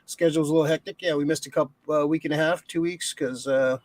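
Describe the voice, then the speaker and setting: A man's voice: fairly high pitch, fairly even intonation, fast talker, no room sound. A man hosting a podcast in a casual, rambling way, full of fillers and easy swearing. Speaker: podcast host. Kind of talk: casual chat.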